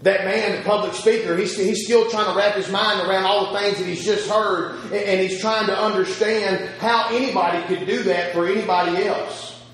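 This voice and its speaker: A man preaching a sermon, telling a story with pauses and repeated words, swinging from loud to soft. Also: high voice, steady tone, very echoey, low-quality recording.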